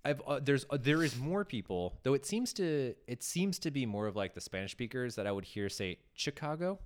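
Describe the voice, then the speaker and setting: A man's voice: mid-range voice, sing-song, brisk. A man co-hosting a casual podcast chat, rambling with many restarts and fillers. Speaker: podcast co-host.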